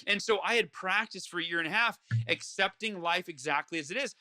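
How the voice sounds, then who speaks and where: Bright, high-voiced man talking earnestly. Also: a little fast. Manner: earnest, acts out his own inner voice. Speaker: guest author. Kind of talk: conversational interview.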